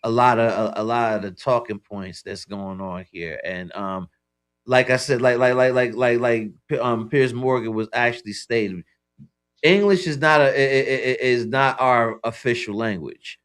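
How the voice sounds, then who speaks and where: A man's voice: mid-range voice, moderate pace, a bit bright, clean tone. A man co-hosting a talk radio show, stumbling over repeated words and often saying "you know what I'm saying" in a loose debate.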